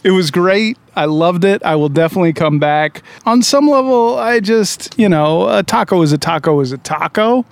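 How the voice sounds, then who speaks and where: Relaxed, high-voiced male guest. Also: normal speed, creaky, few pauses, no echo. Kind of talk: casual chat.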